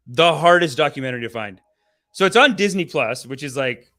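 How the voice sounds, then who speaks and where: A man hosting a casual live stream, rambling and swearing excitably, often laughing mid-sentence. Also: mid-range voice, brisk. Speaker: host.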